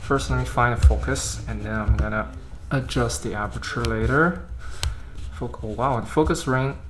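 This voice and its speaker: A man doing a casual unboxing vlog about camera gear, chatting in a halting way and thinking aloud as he handles the lens. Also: medium pitch, noisy background. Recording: roomy echo.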